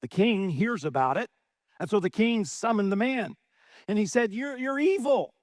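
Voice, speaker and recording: High-voiced animated male preacher. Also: normal speed, no echo, studio quality. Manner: animated preaching, acts out quoted voices, many rhetorical questions. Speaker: pastor. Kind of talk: sermon.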